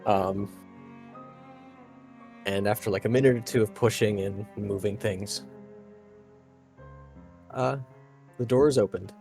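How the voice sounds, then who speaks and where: Man, game master, tabletop narration, slow and deliberate, faint music underneath. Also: on the low side, steady tone, vocal fry, a little mellow. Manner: unhurried, many fillers and restarts, describes scenes in detail. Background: faint background music.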